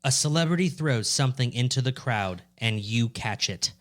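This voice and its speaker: A young man co-hosting a casual podcast, his voice sitting at an ordinary mid pitch. He rambles through joking stories and slips into playful impressions along the way. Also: expressive, moderate pace, noisy background. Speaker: podcast co-host. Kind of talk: casual chat.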